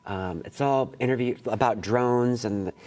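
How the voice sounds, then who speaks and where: A man's voice: medium pitch, measured pace, darkish tone. A man leading a college poetry workshop, talking casually and candidly to students, with rambling asides and casual swearing. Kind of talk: casual, digressive workshop talk. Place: college classroom.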